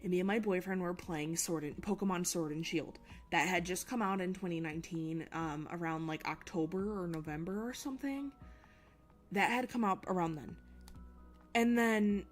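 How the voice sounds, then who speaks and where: Young woman, lowish voice, casual rambling storytelling, swears freely, faint background music. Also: normal speed. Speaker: streamer.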